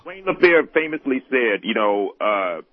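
A man's voice: medium pitch, big pitch swings, unhurried. A man calling in to a radio show, emphatic and worked up, joking and flirting with the host. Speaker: radio caller. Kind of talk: phone-in talk radio. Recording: dull lo-fi radio broadcast.

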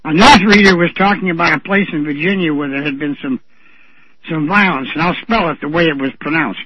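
A man's voice: a little high, a little fast, breathy edge. A man chatting on a radio show who tells rambling stories with chuckles. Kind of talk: casual radio talk. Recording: dry, dull lo-fi radio sound.

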